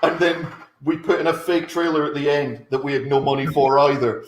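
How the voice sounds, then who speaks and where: A man's voice: a little high, flat delivery. Upbeat man riffing in an echoey room. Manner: riffing, quick laughs, acts out bits. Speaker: comedy podcast host. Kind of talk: casual comedic chat.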